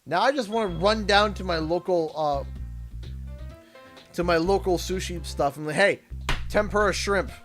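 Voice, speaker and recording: A young man, hosting a gaming livestream and chatting with viewers in a jokey, animated way. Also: high voice, moderate pace, pauses often. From Canada. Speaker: livestream host. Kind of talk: casual gaming livestream chat. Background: game music.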